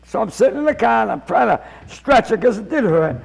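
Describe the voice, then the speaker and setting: A seventy-year-old comedian spins a lively anecdote. His voice is high, gravelly and husky. He acts out the voices of the people in his story as he goes. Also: fairly quick, low-quality recording. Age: 70s.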